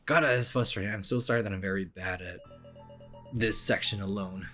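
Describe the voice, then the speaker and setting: A man's voice: lowish voice, fairly quick, bright, forceful tone, faint music behind. A man casually commenting and reading aloud while playing a visual novel. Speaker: let's play host.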